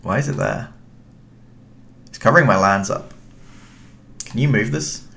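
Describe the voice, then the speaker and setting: A man's voice: lowish voice, unhurried, gravelly, bright, forceful tone. A young British man casually commentating his own card game, thinking aloud and chatting to his opponent.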